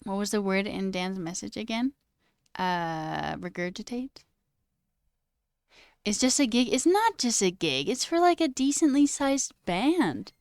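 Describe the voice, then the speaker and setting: Woman, livestreamer, casual chat, playful, talkative, mid pitch, dry close sound. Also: expressive, unhurried, a little mellow, clear, resonant tone, no room sound. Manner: playful and chatty, musing aloud over word sounds; reads and answers a live chat.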